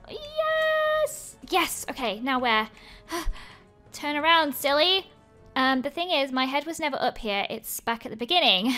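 A young woman with a high, bright, sharp voice narrates her gameplay in casual, excitable commentary. She talks to herself as she goes and gasps and cheers at every find, with faint music underneath. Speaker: gaming video host.

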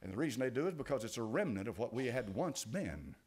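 Older Tennessee preacher, lively swooping delivery. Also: male voice, quick pace, husky. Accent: East Tennessee. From United States. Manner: dramatic preaching, dropping to low quiet asides and rising to loud exclamations. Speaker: pastor. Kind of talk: sermon.

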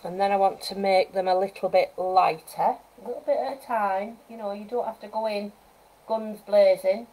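A woman wildlife artist giving a live painting demonstration, chatting and thinking aloud as she works, with gentle coaching asides. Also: medium pitch, steady tone, moderate pace, slight background noise, low-quality recording. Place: art studio at home, live stream.

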